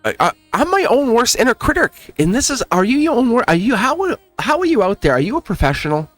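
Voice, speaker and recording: A man's voice: very high voice, big pitch swings, brisk, a bit bright, no room sound, soft background music. A man hosting a tarot channel, giving an earnest, emotional spiritual pep talk straight to his viewers, near tears and repeating himself. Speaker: tarot reader, channel host.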